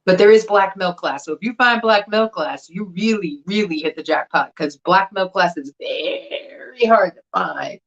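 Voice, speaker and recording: A woman's voice: lowish voice, moderate pace, hardly any pauses, muffled recording. A woman hosting a casual live stream, explaining things to her viewers in a chatty way with asides. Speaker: host of a live vintage sale. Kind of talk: casual livestream chat.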